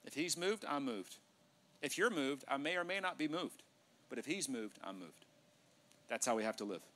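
A male pastor preaching a sermon in a church, animated, joking with the congregation and acting out dialogue. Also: mid-range voice, moderate pace. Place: church sanctuary.

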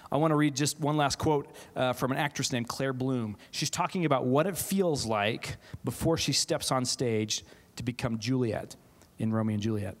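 A man, a theatre teacher, giving an animated keynote talk to a live audience, often laughing and restarting his sentences. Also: medium pitch, normal speed. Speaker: keynote speaker, theatre faculty member. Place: large auditorium, live audience. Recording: auditorium with long reverb.

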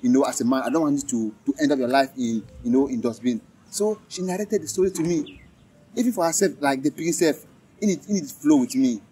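A man's voice: mid-range voice, expressive, fast talker, mellow, husky. A young Nigerian man in a street interview, talking angrily and emphatically, repeating himself. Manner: angry, emphatic, repetitive.

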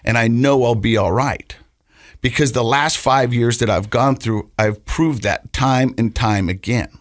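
Here a podcast co-host with a medium-pitched voice relates a personal story at a measured pace, rambling, restarting, repeating words and laughing as he talks, then growing earnest and reflective. It's recorded cleanly in a studio with no echo.

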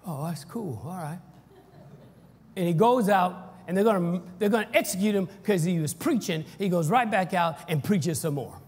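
A pastor preaching with fervor, his fairly high voice rising to shouts and then falling back to a steady teaching tone. He draws the congregation into call-and-response. The sound rings through a large, reverberant church hall. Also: fairly quick, few pauses, husky. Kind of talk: sermon.

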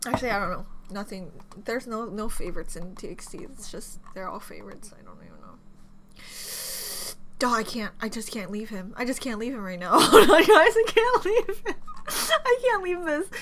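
A woman's voice: mid-range voice, very animated, brisk, crowd noise. A young woman reacting as a fan, gushing, gasping and squealing, often repeating herself. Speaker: K-pop reaction vlogger. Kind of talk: excited fan reaction commentary.

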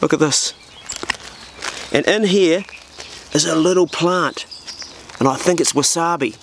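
On his vlog at an old farmhouse, a New Zealand bloke opens parcels and chats in a slangy, laid-back way. His voice sits on the high side, and he talks at a measured pace over slight background noise.

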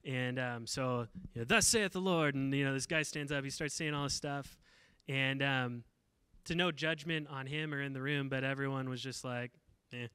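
A man's voice: mid-range voice, steady tone, normal speed, bright, forceful tone, clean tone, no room sound. A male pastor preaching a casual, storytelling sermon, talking conversationally with frequent fillers and restarts.

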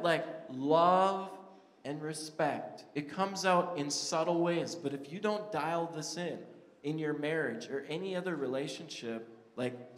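A man's voice: on the high side, a little hiss or hum. Man preaching in an echoey hall. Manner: conversational, storytelling, jokes with the crowd. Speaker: pastor. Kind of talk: sermon. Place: church sanctuary. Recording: echoey church hall reverb.

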